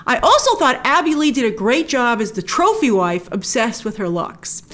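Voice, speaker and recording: A woman hosting a casual spoken film review, animated and emphatic, with frequent restarts. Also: a little high, moderate pace. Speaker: movie review host.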